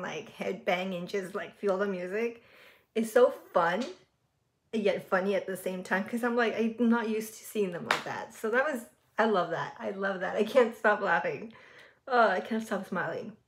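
A young woman hosting a casual reaction vlog from her room, chatty and gushing, with lots of fillers and giggles. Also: mid-range voice. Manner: frequent giggles while talking. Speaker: reaction video host.

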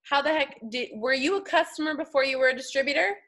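A woman's voice: high-pitched, quick pace, fairly bright tone. A woman hosting a casual interview, upbeat and slangy as she questions her guest. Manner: upbeat and slangy, laughs easily. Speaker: host.

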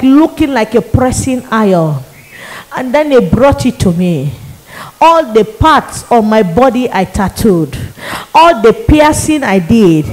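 High-voiced impassioned evangelist woman. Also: low-quality recording. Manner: emotional and pleading, often rising to shouts. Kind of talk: impassioned testimony sermon.

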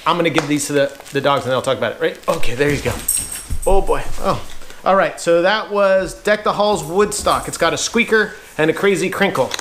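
A man's voice: on the high side, a little fast, a bit bright, a little hiss or hum. A man chatting casually while unboxing dog toys and treats, laughing often and cooing at his dogs. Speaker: co-host of an unboxing channel. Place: home with dogs.

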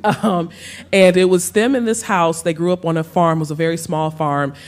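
A woman with a Gullah Geechee Lowcountry accent, a cookbook author speaking onstage before an audience, telling stories warmly and laughing often. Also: fairly even intonation, normal speed. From South Carolina Sea Islands. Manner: warm storytelling, laughs often, says y'all. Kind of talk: onstage conversation. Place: stage under lights before an audience.

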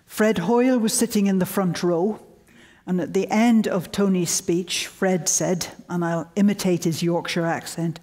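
Her fairly low voice moves a little slowly as this woman in her 70s delivers a public lecture as a guest speaker. She spins wry tales of her early career, acting out the quotes with animation.

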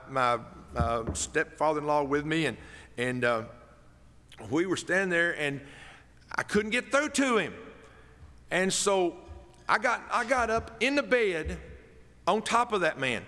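A pastor giving a folksy, emotional funeral sermon that rises to loud emphatic peaks. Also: male voice, high-pitched, sing-song, moderate pace. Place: church sanctuary. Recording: long reverb in a church hall.

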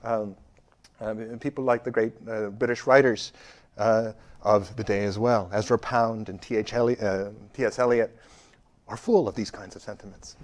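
A man gives a university history lecture in a steady, lowish voice at a moderate pace. He stresses key phrases loudly, drops to quiet asides, and uses frequent fillers and restarts.

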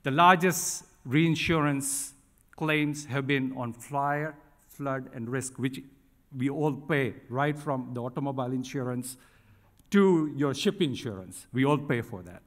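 A middle-aged man giving a conference keynote speech, talking deliberately with frequent ums and emphatic restatements. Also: medium pitch. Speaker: keynote speaker at an industry conference. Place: large conference hall. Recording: reverberant hall sound.

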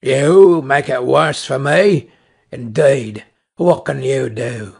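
Grumbly mean cart driver guy, man reading it, rough and gravelly, sounds a bit far off. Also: mid-range voice, slow pace, darkish tone, heavily acted. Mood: scornful. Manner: gruff and grumbling. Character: cruel, grumbling male carter.

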